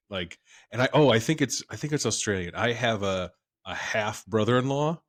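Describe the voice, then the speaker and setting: A man's voice: mid-range voice, lively intonation, normal speed. A man in his thirties co-hosting a podcast, chatting casually in a rambling, jokey way. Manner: rambling, jokey, trails off and restarts. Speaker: podcast co-host. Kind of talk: casual chat.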